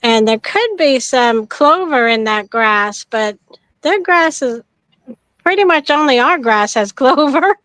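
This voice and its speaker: A woman joins a livestream as a guest, speaking slowly and gently in a slightly high, smooth voice. She holds the phone herself, and her voice sounds close and dry. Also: animated, dry recording, rough recording. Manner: gentle, unhurried, earnest. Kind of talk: casual chat. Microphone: handheld phone.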